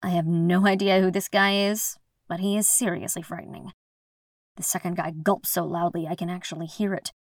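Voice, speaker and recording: A young woman reading a first-person story in an even, measured storytelling voice. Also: on the low side, no room sound, studio quality. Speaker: audiobook narrator. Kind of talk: first-person scripted narration.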